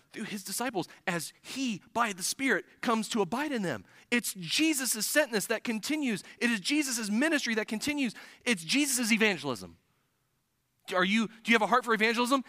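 A man's voice: high-pitched, sharp tone, dry recording, clean studio sound. A man preaching a sermon in church, earnest and building to emphatic points.

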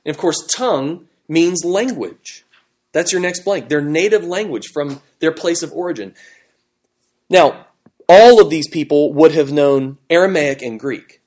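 Brief: male Bible study teacher, slightly high voice, chatty and animated, guides a class through fill-in notes. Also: unhurried. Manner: conversational and animated, with fillers and restarts.

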